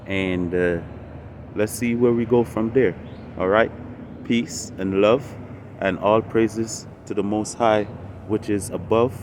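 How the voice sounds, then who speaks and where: A man's voice: fairly low pitch, steady tone, slow pace, darkish tone, slight background noise. A man hosting a spiritual channel, talking unscripted and meandering, often repeating and restarting phrases. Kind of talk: unscripted casual monologue.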